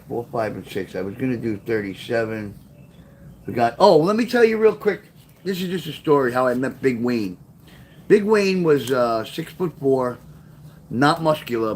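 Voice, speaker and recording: A man's voice: mid-range voice, a little hiss or hum. A middle-aged man, casually telling a street story on his livestream, in a rambling, profane way. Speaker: author livestreaming to chat.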